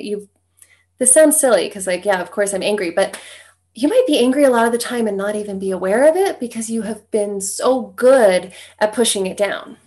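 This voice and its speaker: A woman's voice: medium pitch, a little mellow. A young adult woman working as a divorce coach, talking straight to her listeners in an easygoing way and checking in with "right?" as she goes. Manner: conversational, tags points with "right?". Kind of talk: direct-to-camera coaching talk.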